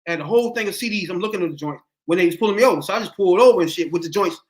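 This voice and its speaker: A man's voice: sits high, very fast. A middle-aged man hosting a podcast, telling a story in casual chat and acting out the voices in it. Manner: animated, acts out voices in his story. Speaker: podcast host.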